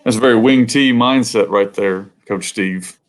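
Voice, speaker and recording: A low-voiced man is a guest on a relaxed coaching chat. He is a high school head football coach who backs up the host with short, affirming remarks. He also adds his own quick takes on plays. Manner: brief, affirming interjections.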